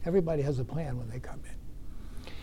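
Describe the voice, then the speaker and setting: A man's voice: medium pitch, a little fast, mellow, husky. A man giving an earnest recovery meeting talk, telling his story with emphatic bursts. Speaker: speaker sharing recovery experience.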